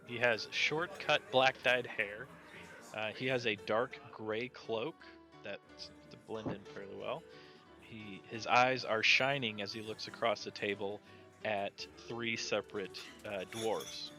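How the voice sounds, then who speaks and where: A man narrating as game master in a tabletop role-playing game, with a relaxed, rambling delivery. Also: mid-range voice.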